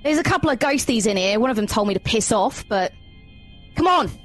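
A woman voicing a gruff, sniffing, axe-carrying man, with a put-on Cockney accent that slips toward Australian. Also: on the high side, expressive, a little fast, soft background music, natural voice. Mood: coaxing. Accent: put-on Cockney drifting to Australian. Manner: coaxing, casual slang.

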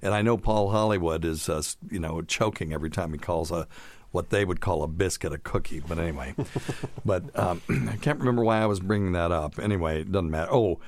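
A man's voice: sits low, a little fast, no room sound. A middle-aged man co-hosting a casual medical podcast, chatty and jokey as he reads from his notes. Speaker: podcast co-host, doctor.

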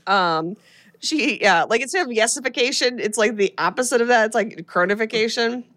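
Lively, high-voiced woman podcast host. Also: fairly quick. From raised on a farm. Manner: animated, laughing, exclamatory. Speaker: podcast host recapping a film. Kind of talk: casual comedic chat.

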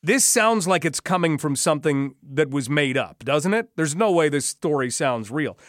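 Guy hosting talk radio, kinda high voice, wry and disbelieving, dry studio mic. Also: normal speed, no room sound. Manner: wry, incredulous, asks many rhetorical questions. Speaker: radio talk show host. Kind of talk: radio talk show commentary.

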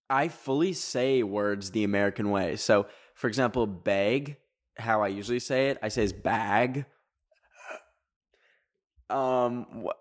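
Rambling young Canadian podcast host. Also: male voice, mid-range voice. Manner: rambling, filler-heavy, animated. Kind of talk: casual podcast monologue.

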